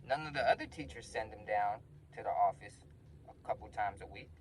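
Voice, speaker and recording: A man telling a personal story in a casual storytime vlog, animated, using slang and acting out the voices. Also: fairly low pitch, a little fast, slight background noise, low-quality recording.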